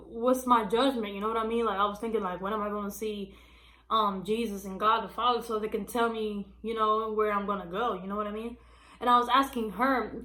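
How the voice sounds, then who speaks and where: A woman vlogger in a small room at home tells her viewers a personal story, chatting casually, calling them y'all and leaning on lots of fillers. Her voice is slightly high and fairly bright, and the low-quality recording sounds echoey.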